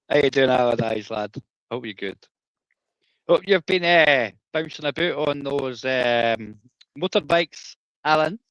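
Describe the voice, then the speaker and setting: A man's voice: mid-range voice, a little slow, a bit bright, no echo, poor audio. A Scottish man hosting a live stream, rambling casually and swearing freely.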